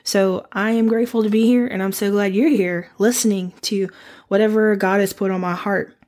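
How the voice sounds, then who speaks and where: A young woman hosting a devotional podcast, earnest and reflective, her voice slightly raspy and nasal as she recovers from the flu. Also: medium pitch, fairly even intonation, normal speed, a little mellow. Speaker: podcast host.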